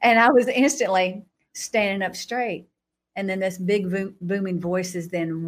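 A woman's voice: fairly even intonation, unhurried. Woman telling a dramatic testimony. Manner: dramatic, acts out her own past thoughts with sudden pitch jumps; laughs between phrases. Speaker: guest sharing a personal testimony. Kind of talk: animated testimony storytelling in an interview.

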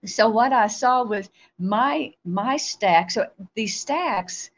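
A woman, a guest on a show, telling a spiritual testimony in an animated storytelling way, acting out her own replies. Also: on the high side, slow pace, muffled recording.

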